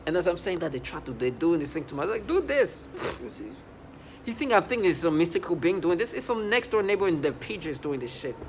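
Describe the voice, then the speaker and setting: Casting a man, fairly high voice, ranting straight to camera and tripping over his own sentences. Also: expressive, quick pace, few pauses, slight background noise. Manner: rambling, heated, full of restarts. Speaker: vlogger. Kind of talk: agitated monologue to camera.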